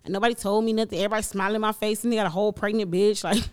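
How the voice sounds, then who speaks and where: A young woman talks in a casual chat, blunt and full of profanity. Her voice sits in a middle pitch, and her stories come out loud and candid. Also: little pitch movement, very fast, clean tone. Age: young adult.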